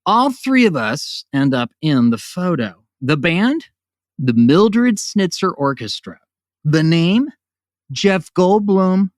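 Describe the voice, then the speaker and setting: A man's voice: a little high, very animated, takes it slowly, dry recording, studio quality. A man hosting his own podcast, ranting in a sarcastic, profane monologue that jumps between jokes and voices. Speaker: podcast host.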